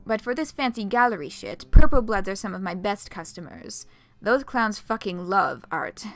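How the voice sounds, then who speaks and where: A woman's voice: mid-range voice, lively intonation, fast, a bit bright, lightly acted. A woman voicing a cynical, brash female troll artist in a game, with a faint put-on French accent and a blunt, crude manner. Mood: smug.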